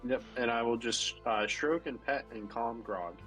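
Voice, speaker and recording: A man's voice: mid-range voice, a little slow, a bit bright, soft background music, rough recording. A man playing a tabletop game, describing his character's actions plainly and casually. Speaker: player. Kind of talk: casual tabletop role-play.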